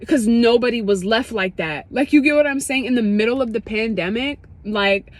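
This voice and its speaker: A woman's voice: a little high, normal speed, no room sound. A young woman telling a personal story in a casual, dramatic, slangy way. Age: young adult. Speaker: vlogger sharing a testimony.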